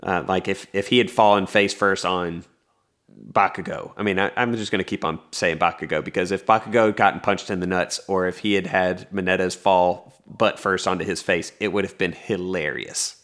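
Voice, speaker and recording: A man's voice: deep voice, steady tone, normal speed, fairly bright tone. A man co-hosting a podcast, casually recapping an anime episode in a wry, rambling way with frequent restarts. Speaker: podcast co-host.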